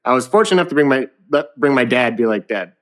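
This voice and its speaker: Animated young man telling stories. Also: medium pitch, quick pace. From Canada. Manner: animated storyteller, laughs a lot, swears casually. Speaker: guest musician. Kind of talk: casual interview chat.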